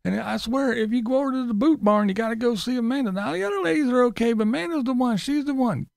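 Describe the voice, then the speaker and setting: A man mockingly imitating a lonely, excitable male RV vlogger who rambles and repeats himself. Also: very high-pitched, quick pace, creaky, no echo, clean studio sound, voice pushed up. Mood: gushing mockery.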